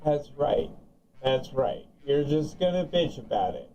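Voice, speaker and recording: A man's voice: mid-range voice, animated, unhurried, dark tone, distant mic, lo-fi sound. A man talking over CB radio, heated and profane, taunting another operator again and again. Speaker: CB radio caller.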